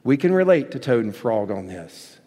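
Earnest preacher in a big echoing hall. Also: male voice, medium pitch, big pitch swings, normal speed, warm tone. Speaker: pastor. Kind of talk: sermon with storybook reading. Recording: long hall reverb.

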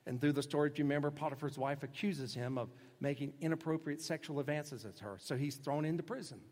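A pastor preaching a sermon in a conversational way, rising to loud emphasis and dropping to soft, low asides. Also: male voice, fast. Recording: long reverb of a large hall.

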